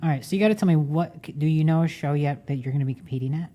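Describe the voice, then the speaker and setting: A woman hosting a casual interview podcast, playful and teasing, joking crudely and reacting quickly to her guest. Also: sits low, dark tone. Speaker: podcast host.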